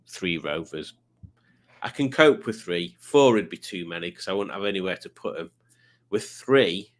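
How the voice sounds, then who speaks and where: A man's voice: on the low side, fairly bright tone. Rambling man hosting a chat stream. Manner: rambling, playful, self-deprecating. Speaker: live stream host. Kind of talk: casual chat reading viewer comments.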